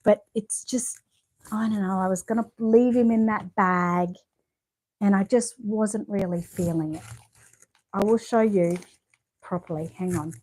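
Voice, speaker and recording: An Australian woman chatting casually at home as she shows off outfits, rambling and often dropping to a hushed voice. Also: mid-range voice, unhurried, pauses often. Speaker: vlogger showing reborn dolls. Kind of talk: casual show-and-tell chat. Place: home bedroom.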